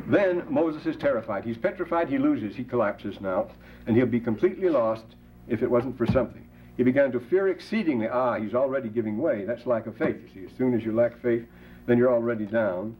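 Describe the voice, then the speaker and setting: Older man, lecturer, rambling asides, rhetorical questions, lo-fi tape, faint hiss. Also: medium pitch. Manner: digressive, rhetorical asides, quotes scripture with rising emphasis. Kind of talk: classroom lecture.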